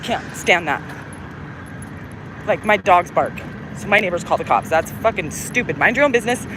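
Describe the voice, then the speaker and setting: A middle-aged woman vlogs into her phone as she walks, rambling and drifting off topic, cursing casually, a bit breathless in the heat. Her pitch jumps up and down a lot. Cars and street noise come through clearly behind her. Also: expressive, normal speed. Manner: rambling, digressive, swears freely, trails off with "anyways". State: short of breath in the humid heat. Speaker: vlogger. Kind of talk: casual rambling monologue while walking. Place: outdoors on a busy city street.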